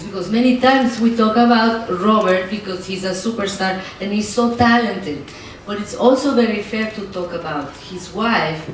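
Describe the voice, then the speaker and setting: A woman's voice: medium pitch, a little hiss or hum. Emotional Mexican woman in an echoey room. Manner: emotional, animated, laughs often, repeats words when moved. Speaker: actress interviewee. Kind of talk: candid interview storytelling. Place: film festival interview room. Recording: very echoey room, distant mic, faint ambience.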